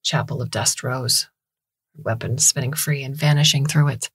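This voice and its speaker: Low, husky woman narrating a story. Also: steady tone, normal speed, fairly bright tone. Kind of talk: audiobook narration of a science fiction story.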